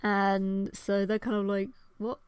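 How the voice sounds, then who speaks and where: Slow rambling young woman, dry sound. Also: fairly low pitch, fairly even intonation, no room sound. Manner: rambling, lots of "like" and "um", frequent swearing. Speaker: artist and video host. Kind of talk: casual chat while drawing, retelling a story.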